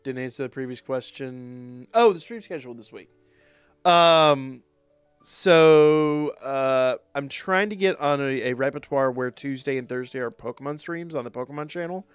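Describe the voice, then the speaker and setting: A man's voice: medium pitch, normal speed, clear, resonant tone, no room sound, soft background music. Swearing man streaming a game live. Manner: swears a lot, rants in frustration; talks to chat in a casual tone. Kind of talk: live gameplay stream commentary.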